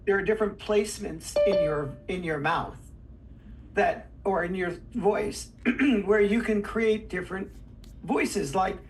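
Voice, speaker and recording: A man who is a veteran voice actor, with a high tenor voice, giving rambling, playful advice. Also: a little slow, far from the mic, low-quality recording. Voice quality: self-described tenor, high voice. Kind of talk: casual advice chat.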